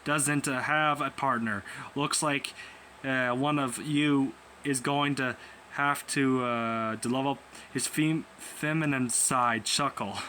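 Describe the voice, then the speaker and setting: A man's voice: medium pitch, steady tone, takes it slowly, pushed and bright. A young man casually reading a comic aloud, voicing every character in his own voice and stumbling over words as he goes. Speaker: comic reader. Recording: faint background noise.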